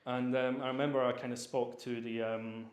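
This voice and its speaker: A young Scottish man, born Polish, chats through his past in a loose and rambling way, full of fillers and restarts. His voice sits at a middling pitch. The room around him is echoey. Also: level tone, moderate pace. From Scotland. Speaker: private chef, guest. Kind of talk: casual storytelling interview.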